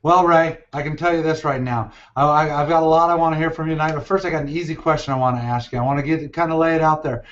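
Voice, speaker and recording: Male host, fast, casual, upbeat, stumbles on words, dull lo-fi sound. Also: on the high side, fairly even intonation. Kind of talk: hosting an interview.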